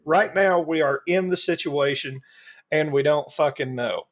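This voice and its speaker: A man co-hosting a casual podcast, explaining his point with a measured analogy. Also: fairly high pitch.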